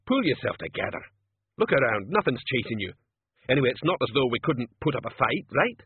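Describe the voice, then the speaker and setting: A man's voice: medium pitch, big pitch swings, fairly quick, husky, no room sound, exaggerated voice. A man reading aloud, voicing a tough, bossy gang leader who talks bluntly and sarcastically. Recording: phone-like lo-fi recording.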